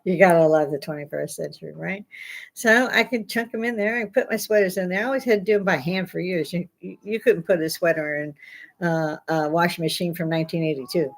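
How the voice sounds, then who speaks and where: A woman's voice: fairly low pitch, fairly quick, creaky. An older woman hosting a casual livestream from home, rambling and blunt, laughing often. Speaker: livestream host. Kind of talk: casual live chat. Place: home, indoors.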